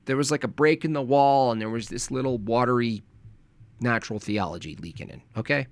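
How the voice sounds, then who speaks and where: A man's voice: mid-range voice, a little fast, no room sound. A man streaming casual, rambling chat, hedging and self-deprecating as he talks.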